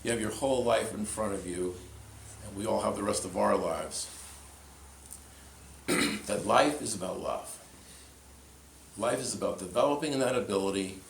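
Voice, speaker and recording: Speaking from the pulpit in an echoey church with faint ambience, a pastor tells a story and quotes a conversation like a storyteller. His lowish voice has vocal fry, moves at a moderate pace with long pauses, and carries a little hiss or hum.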